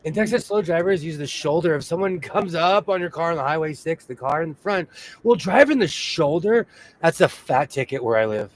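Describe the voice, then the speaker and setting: A man's voice: a little high, expressive, moderate pace. A man chatting casually as co-host, telling stories and laughing often. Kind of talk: casual chat.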